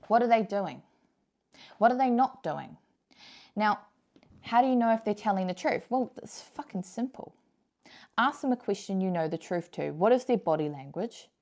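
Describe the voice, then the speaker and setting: A woman's voice: mid-range voice, warm tone. A young woman giving frank, casual advice to camera, blunt and emphatic, swearing freely and repeating her key points. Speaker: vlogger.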